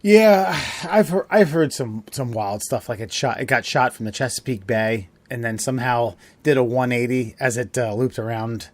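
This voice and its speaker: A man's voice: mid-range voice, moderate pace, hardly any pauses, no room sound. A man hosting a casual podcast chat, rambling and profane, often laughing. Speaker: podcast host.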